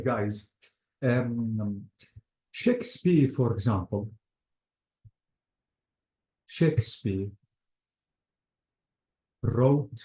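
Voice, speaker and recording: A man's voice: medium pitch, mellow. A man teaching an English grammar lecture to a class, often repeating words and calling students "guys". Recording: roomy classroom echo.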